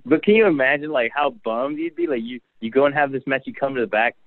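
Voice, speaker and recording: A man's voice: mid-range voice, fast talker, creaky, dry recording. A young adult man, a wrestler, telling stories in a casual interview and acting out the lines he quotes. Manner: relaxed storyteller, acts out quoted lines. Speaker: guest, professional wrestler. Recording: tinny phone line.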